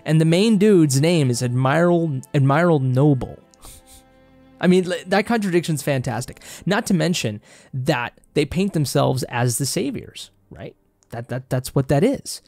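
A man's voice: fairly high pitch, darkish tone, no echo. A young man from Mexico with a Mexican Spanish accent, a native Spanish speaker, delivering a passionate, heated movie review monologue and swearing freely as he gets worked up. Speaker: film vlogger.

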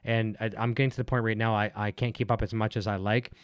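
A man's voice: on the low side, level tone, quick pace, smooth, no room sound, clean studio sound. A man hosting a casual live stream, chatting loosely and reading viewer messages aloud with plenty of fillers. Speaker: livestream host. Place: home studio.

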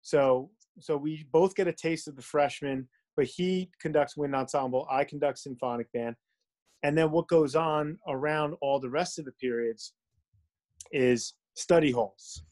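A man's voice: on the high side, unhurried, darkish tone. A man, a school band director, answering interview questions over a video call in an easygoing, explanatory way. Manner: easygoing, explanatory, fillers like you know.

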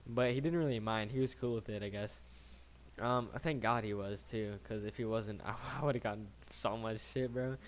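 A man's voice: lowish voice, normal speed, slight background noise. A young man in his late teens telling a casual story, rambling and slangy, swearing often and tagging his sentences with "right?".

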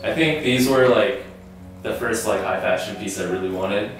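A man's voice: lowish voice, normal speed, recorded from a distance. A young man chatting casually about his clothes, laid-back and rambling with lots of fillers. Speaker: guest showing his closet. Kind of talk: casual chat. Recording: echoey room, background music.

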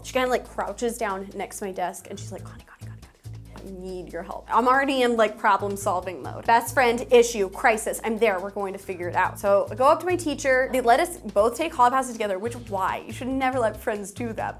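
A young adult woman telling a funny story to the camera in an animated, dramatic way. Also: on the high side.

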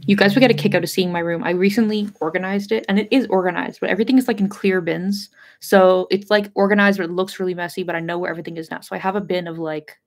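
A woman's voice: lowish voice, fairly even intonation, fast talker, few pauses. Chatty woman, rambling book talk. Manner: chatty and rambling, heavy on filler words and swearing. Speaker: host of a book discussion channel. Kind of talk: casual livestream book discussion.

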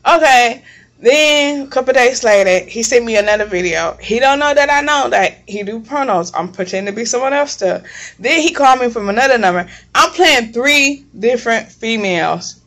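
A woman's voice: fairly high pitch, lively intonation, normal speed, a bit bright. A young woman vlogger telling a long story in a casual, blunt and profane way, rambling as she goes. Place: home kitchen.

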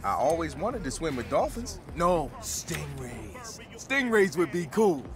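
An actor playing an easygoing young male hacker in video game dialogue, answering in a calm, dry, amused way. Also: on the high side, unhurried. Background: game music.

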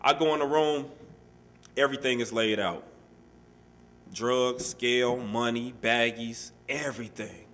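With a mid-range voice, this man tells his life story to a workshop audience at a measured pace, leaving long pauses. His style is casual and street-like, peppered with "you know" and "man," and he animatedly performs the quoted voices.

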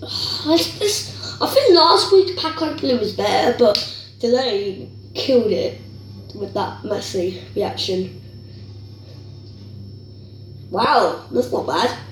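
A woman hosting a gaming video, chatting casually and rambling, and breaking into excited squeals over what she gets. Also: a little high, slow, reverberant, recorded from a distance, a little hiss or hum, poor audio. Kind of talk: casual pack-opening commentary.

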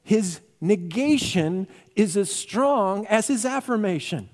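Animated preacher in an echoing sanctuary. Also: male voice, high-pitched, takes it slowly. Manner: animated storytelling, acting out quotes. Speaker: pastor. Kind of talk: sermon. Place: church sanctuary. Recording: reverberant church hall.

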